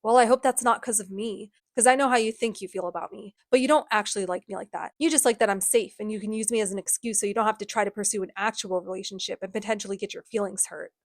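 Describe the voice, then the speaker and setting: A woman's voice: mid-range voice, fast talker, few pauses, no room sound, studio quality, lightly acted. A woman voicing a brooding teenage boy who snaps at the people around him, in a casual book recap. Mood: smug. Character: brooding teenage male hero, curt and harsh.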